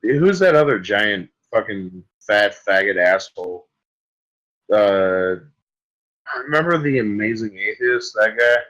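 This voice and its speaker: A man with a slightly low voice rambles through a foul-mouthed comic rant as a podcast host. He swears constantly and jumps from one gripe to the next in a loose, crude delivery. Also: animated, slow pace, a bit bright, dull audio.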